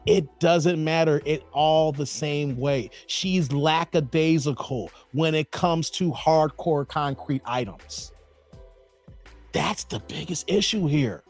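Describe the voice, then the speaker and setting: Animated high-voiced man streaming live. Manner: animated, laughs often, talks to chat by name. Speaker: host of live commentary stream. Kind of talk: casual live-stream commentary.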